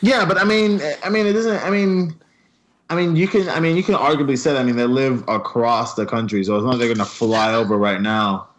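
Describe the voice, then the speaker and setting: A man in casual movie review chat, ranting excitedly and filling his talk with "I mean". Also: mid-range voice, brisk, a little hiss or hum.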